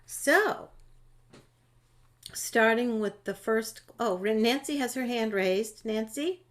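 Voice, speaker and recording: A woman's voice: fairly high pitch, slow. A woman moderating a panel discussion over a video call, chatty and friendly, with fillers and restarts.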